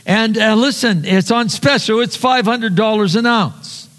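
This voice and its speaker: A man voicing a fast-talking male doctor who sells brains with pushy sales patter, in a long reverberant hall. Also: sits high. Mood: salesy. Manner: pushy sales patter, drops to a hush for secrets.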